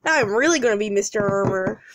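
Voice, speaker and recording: A woman's voice: mid-range voice, animated, brisk, a little hiss or hum, lightly acted, low-quality recording. A woman voicing a cheerful young husband and doting dad who talks eagerly and giggles.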